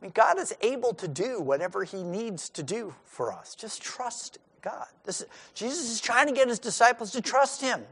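A man's voice: sits high, sing-song, moderate pace, few pauses, fairly bright tone, breathy edge. A middle-aged male pastor giving a sermon in a conversational way, acting out the lines of the disciples.

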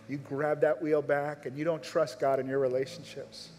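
A man's voice: fairly high pitch, fairly even intonation, moderate pace, few pauses. A man preaching a sermon at a live church service, making earnest, urgent appeals straight to his listeners. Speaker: pastor. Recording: long reverb of a large church hall.

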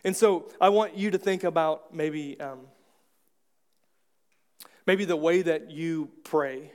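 A man with a fairly high voice preaches a sermon in a church. He talks in a relaxed, conversational way, dropping in quick asides and acting out little quotes. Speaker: pastor.

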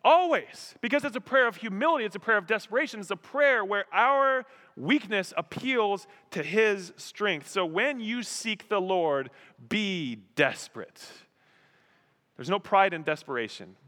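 A man preaching a sermon as pastor, animated, acting out voices and exclamations. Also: sits high, a little slow. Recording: long hall reverb.

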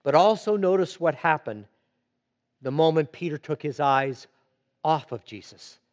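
A man with a high voice delivers a sermon at an unhurried pace. He leans on emphatic repetition and lets each phrase land. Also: animated. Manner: slow and emphatic, with dramatic repetition. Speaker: preacher.

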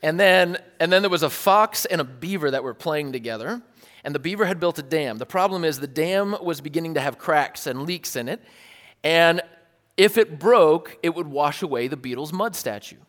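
A man preaching a casual, earnest sermon with a slightly raised pitch. His delivery is animated, with wry little asides. The sound carries a long hall reverb. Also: normal speed. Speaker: pastor.

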